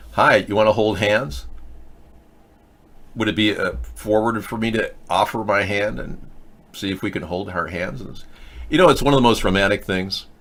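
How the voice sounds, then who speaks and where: A man's voice: mid-range voice, pushed and bright. A man hosting a live video chat show, answering viewer comments in a blunt, lecturing, argumentative way on a webcam mic. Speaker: host.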